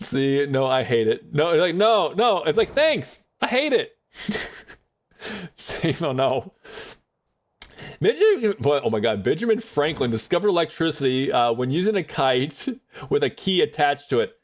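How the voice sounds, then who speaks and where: A man's voice: on the high side, big pitch swings, measured pace. A man streaming live and chatting with his audience in a rambling, jokey way, laughing often.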